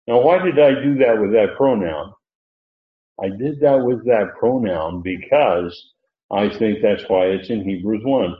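Low-voiced man teaching scripture, roomy lo-fi. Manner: reads verses slowly with emphatic stress, many "uh" pauses. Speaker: Bible teacher. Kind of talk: Bible lesson reading scripture aloud. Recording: roomy lo-fi recording.

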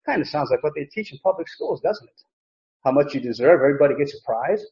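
Man, preacher, somewhat high voice, lively pitch, emphatic, repeats himself, echoey room, dull lo-fi sound. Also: fast talker. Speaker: Bible teacher. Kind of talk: expository sermon.

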